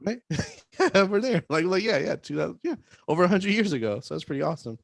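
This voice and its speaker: A man co-hosting a casual real estate podcast in an upbeat, jokey way, often tagging his points with a quick "right?". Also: high voice, expressive, gravelly, no room sound.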